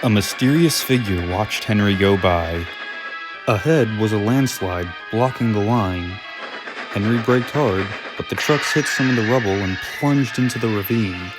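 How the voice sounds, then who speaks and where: A man reads a storybook tale in a steady, measured voice pitched on the low side. Music plays clearly under the narration. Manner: steady storyteller reading with dramatic pauses.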